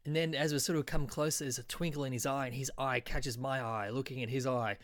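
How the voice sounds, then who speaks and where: A man hosting a podcast, spinning a rambling comic monologue full of deadpan asides and restarts. His voice sits at an ordinary middle pitch and is recorded dry and close. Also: brisk, no echo. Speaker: podcast host.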